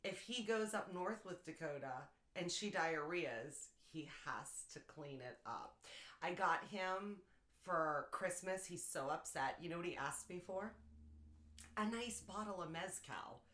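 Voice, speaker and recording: A woman's voice: fairly low pitch, animated, measured pace, fairly bright tone, reverberant. A woman co-hosting a podcast, chatting casually and laughing often as she tells stories about her husband. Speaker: podcast co-host. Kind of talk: casual chat.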